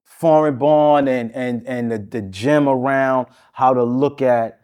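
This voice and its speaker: A man hosting a casual interview, relaxed and agreeable. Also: medium pitch, takes it slowly, smooth. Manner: relaxed, agreeable, filler-heavy. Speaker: podcast host.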